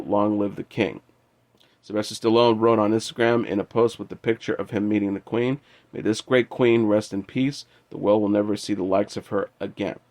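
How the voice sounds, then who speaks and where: A man hosting an entertainment news show, reading out tributes in a steady, measured way. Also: fairly low pitch. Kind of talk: reading news and quotes aloud.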